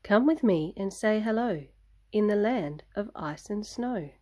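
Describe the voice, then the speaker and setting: A woman's voice: medium pitch, animated, unhurried, a little mellow. A woman reading a children's picture book aloud in a sing-song way, adding animal sounds.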